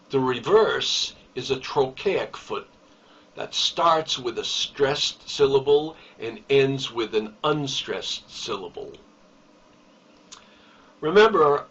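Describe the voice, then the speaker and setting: A man explains poetry in a measured, unhurried way and leans on each key term. His voice sits at an ordinary pitch. The recording sounds dull and lo-fi, as if the mic were set back from him. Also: a bit bright, distant mic. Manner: slow, deliberate explaining with emphasis on key terms. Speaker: teacher.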